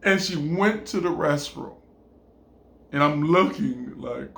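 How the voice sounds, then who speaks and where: A man casually telling a story, animated and stammering over repeated words. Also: a little high, slow pace, vocal fry. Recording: roomy echo.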